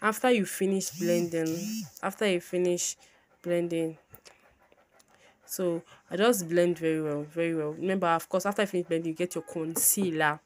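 Brief: chatty woman host, low-pitched, bubbly and repetitive, casual tutorial talk. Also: fairly even intonation, moderate pace. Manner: chatty, bubbly, repeats herself often.

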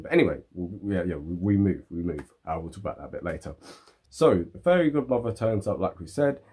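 Husky man reviewing a film. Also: fairly low pitch, darkish tone. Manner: rambling, filler-heavy, seeks agreement.

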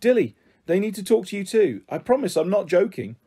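A man's voice: high-pitched, very animated, fairly quick, dark tone, breathy edge, voice pushed up, heavily acted. A man voicing a playful, teasing stepfather in a storybook reading. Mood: excited.

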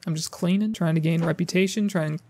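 A man giving sarcastic, profane commentary while playing a game, often yelling at the game characters. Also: on the high side, a little fast. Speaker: gaming YouTuber. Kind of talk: casual gameplay commentary.

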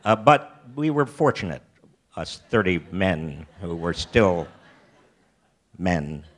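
On a festival stage, an older keynote speaker from the US tells personal stories in a storytelling talk, restarting often and poking fun at himself. He has a low, sing-song voice that's fairly bright, and he speaks slowly.

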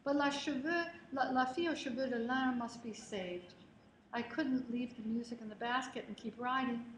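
A woman reads her own literary prose to an audience in a measured, expressive way, lingering on phrases. Her voice sits a little high. The sound carries the echo of a roomy hall over a faint hiss from the livestream. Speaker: author giving a public reading. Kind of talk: literary memoir reading. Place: lecture hall at a reading event.

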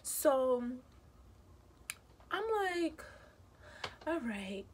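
Animated high-voiced young woman. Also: extremely slow. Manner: animated, indignant storytelling with quoted voices. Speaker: vlogger. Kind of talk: casual storytime.

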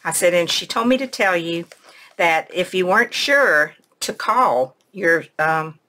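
A woman, a craft vlogger, casually telling a personal story in a soft, emotional way and retelling conversations word for word. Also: lowish voice, expressive, measured pace. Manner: rambling, retells conversations in quotes.

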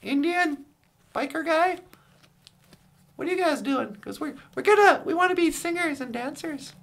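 Brief: cheerful rambling male frog puppet, high and gravelly, telling a joke. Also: animated, normal speed, fairly bright tone, exaggerated voice. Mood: joking. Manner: rambling storyteller with restarts and asides. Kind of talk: comedic call-in impression.

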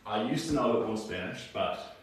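A man's voice: lowish voice, expressive, a little fast, recorded from a distance. Sniffly New Zealand man in echoey room. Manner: chatty, reads out viewer comments, hums to himself. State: sniffly, congested. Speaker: painter livestreaming. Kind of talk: casual live-stream chat while painting. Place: room indoors, hot.

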